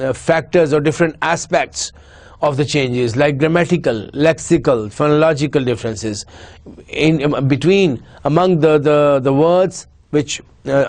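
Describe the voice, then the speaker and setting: Lecturing man, fairly high voice. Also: a little mellow. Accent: Pakistani English. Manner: repeats words slowly to demonstrate pronunciation; halting, with fillers and restarts. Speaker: university lecturer. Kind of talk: recorded lecture.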